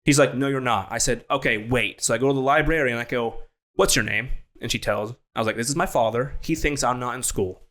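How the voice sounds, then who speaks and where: A young man with a mid-range voice tells a rowdy story, swearing and playing both sides of the exchange. He talks in a casual, lively way. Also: medium pitch, quick pace. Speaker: podcast co-host. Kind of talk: casual chat.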